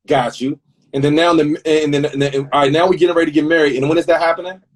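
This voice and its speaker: Man, interview host, slightly high husky voice, talkative, repeats himself, video call audio. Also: fairly even intonation, rapid-fire. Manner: talkative, repeats words while rephrasing questions. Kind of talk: live online interview.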